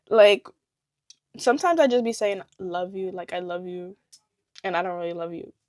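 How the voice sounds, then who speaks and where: A woman's voice: fairly low pitch, fairly quick, no room sound. A young adult woman telling a storytime on her channel, blunt and profane, rambling and laughing often. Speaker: vlogger. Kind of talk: casual storytime chat.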